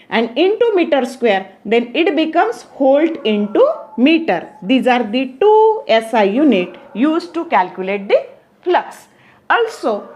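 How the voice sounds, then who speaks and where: A woman explaining physics concepts step by step, often pausing with "okay". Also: high voice. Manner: slow, repetitive explaining with frequent "okay". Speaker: physics teacher. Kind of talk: whiteboard physics lesson.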